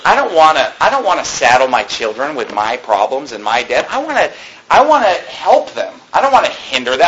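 A man preaching a fiery sermon, reading scripture and breaking into shouted rebukes. His voice sits high and bright, swinging widely in pitch. Faint noise runs under the recording. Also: low-quality recording. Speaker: pastor.

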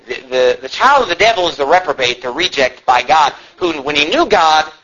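A high-pitched man preaches with a bright, cutting edge. His voice leaps all over the place as he drives each point home with fervor. The recording sounds dull and lo-fi. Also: animated, brisk. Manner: impassioned, swings from loud cries to low emphatic asides. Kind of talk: fervent sermon.

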